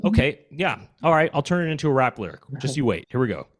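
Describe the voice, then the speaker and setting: Speaking fast in a medium-pitched voice, a male stand-up comic improvises at a live-streamed show with his audience on a video call. He does goofy, deadpan, absurd riffs and crowd work, and his voice comes through a video call mic.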